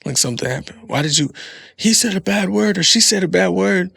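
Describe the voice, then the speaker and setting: A man's voice: high-pitched, animated, brisk, vocal fry, fairly bright tone, husky, no room sound, studio quality. A man hosting a podcast, talking in a casual, rambling monologue full of profanity. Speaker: podcast host.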